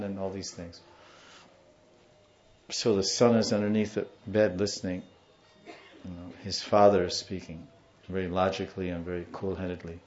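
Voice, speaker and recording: A man with a low voice tells devotional stories in a lecture, acting out the people in them. The recording is muffled and sounds roomy. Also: normal speed, slight background noise. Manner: animated storyteller, acts out the people in his story. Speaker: spiritual teacher.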